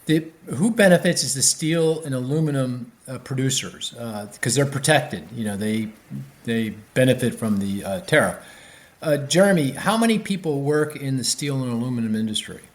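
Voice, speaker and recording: A man, an economist guest on a podcast interview, explaining with animated restarts and many fillers. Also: medium pitch, normal speed.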